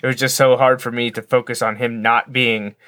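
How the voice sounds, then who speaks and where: A man's voice: medium pitch, little pitch movement, a little fast, bright, forceful tone, dry recording. A man co-hosting a casual podcast, talking while watching a movie, rambling with many restarts. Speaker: podcast co-host.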